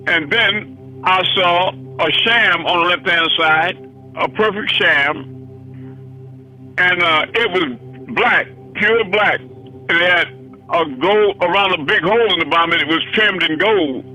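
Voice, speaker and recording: A man's voice: sits high, unhurried, bright, forceful tone, faint music behind, poor audio. A man who is a spiritual teacher, recounting a vision in plainspoken, colloquial speech, often repeating himself. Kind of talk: recounting a vision in a call-in meeting.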